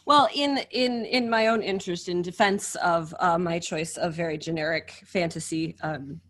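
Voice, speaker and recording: A woman on a tabletop podcast, talking casually and quickly and laughing often. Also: lowish voice, fairly bright tone. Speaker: podcast player.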